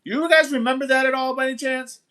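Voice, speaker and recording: A man's voice: very high-pitched, steady tone, fast, sharp tone, smooth. A man hosting a casual livestream who rambles, repeats himself and greets viewers from the chat. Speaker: livestream host. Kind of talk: casual live-stream talk, reading chat.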